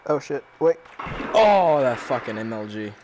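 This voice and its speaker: A man's voice: mid-range voice, sing-song, a little slow, background noise. A man reacting while playing a VR game, jumpy and panicky and swearing constantly. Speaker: gamer.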